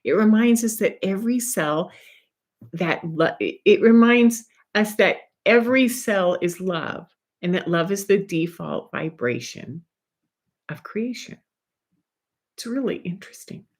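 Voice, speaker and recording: A woman talks from home like a spiritual energy guide. Her delivery is soft and meandering, with light asides as she teaches. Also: medium pitch, lively intonation, measured pace. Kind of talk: gentle spiritual teaching monologue.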